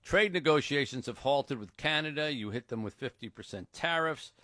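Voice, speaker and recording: A man hosting a comedy radio interview, asking brisk questions and playing it straight. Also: mid-range voice, lively intonation, sharp tone, no echo, studio quality. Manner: plays it straight, brisk questions, laughs along. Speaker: radio show host.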